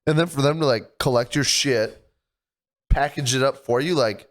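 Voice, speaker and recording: A man's voice: medium pitch, normal speed. A man co-hosting a podcast, telling a story in casual chat with lots of swearing and indignation. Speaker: podcast co-host.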